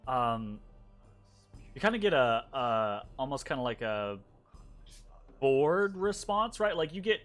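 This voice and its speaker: A man's voice: mid-range voice, very animated, moderate pace, fairly bright tone. A man narrating as game master of a tabletop game, casual and rambling with fillers. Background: faint background music.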